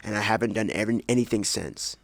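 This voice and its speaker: A man with a fairly low, gravelly voice rambles casually as host of his own podcast, correcting himself and tossing in jokey asides. He speaks close to the microphone in a dry, dead-sounding home room. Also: fast talker, no room sound. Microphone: close desk microphone.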